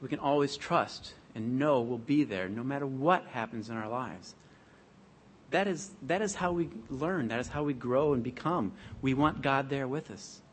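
A man preaching a sermon, reading scripture aloud in a measured, emphatic way. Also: mid-range voice, slight background noise.

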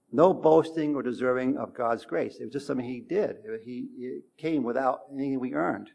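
A man's voice: medium pitch, moderate pace, vocal fry, a little mellow, slightly rough. A man preaching a sermon in a conversational tone, reading scripture and breaking into emphatic bursts. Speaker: pastor.

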